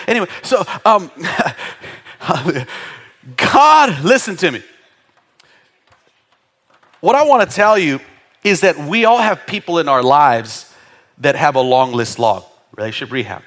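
A male pastor preaching a sermon, animated and often laughing as he acts out congregants' voices. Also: on the high side, a little slow, pauses often.

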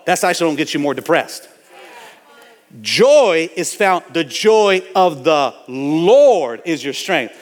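A man's voice: on the high side, big-room sound. A male pastor delivering a sermon in church, preaching emphatically with repetition and calls to the congregation. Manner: emphatic preaching with repetition and audience call-outs. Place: church sanctuary.

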